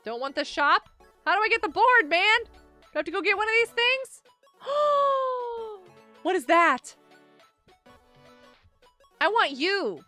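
A young woman streams a game live, chatting with viewers as she plays, bubbly and full of exclamations and frequent laughter. Her voice is very high-pitched, pushed and bright, with lively intonation, a moderate pace and frequent pauses. Faint music plays in the background.

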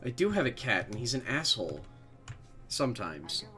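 A man's voice: medium pitch, very animated, moderate pace, sharp tone, soft background music. A young adult man livestreaming a game, chatting casually with viewers in a rambling, self-deprecating way and swearing freely. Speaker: game streamer.

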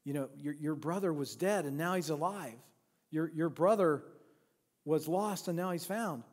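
A tender father pleads softly with his son, as a preacher puts him on. His voice sits a little high for a man and hangs in a long, echoing church reverb. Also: normal speed, lightly acted. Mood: gentle pleading.

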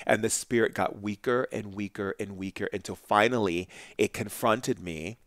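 A man telling a spiritual story as a podcast guest, intense and animated, dropping his voice soft for quotes. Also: lowish voice, moderate pace, hardly any pauses, no echo, clean studio sound. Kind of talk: storytelling in conversation.

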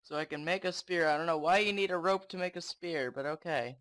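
A young man commenting on his own game play, excitable and swearing often, talking to the game. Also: on the high side, fairly quick. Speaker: gamer.

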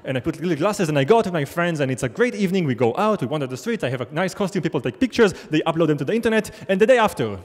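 A man's voice: fairly high pitch, expressive, very fast, hardly any pauses. Wry male storyteller on stage. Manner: wry, self-deprecating, conversational. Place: large theater stage. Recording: long theater hall reverb.

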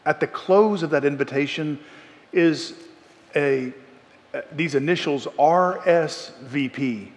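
An earnest male preacher delivering a sermon, his voice sitting somewhat high for a man. He often restarts phrases and leans hard into quoted lines. A long reverb trails from the church sanctuary.

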